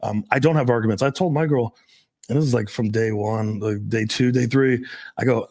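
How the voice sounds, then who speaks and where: A man's voice: mid-range voice, normal speed, a little mellow. A man in casual podcast chat, loose and profane, full of fillers and frequent laughs.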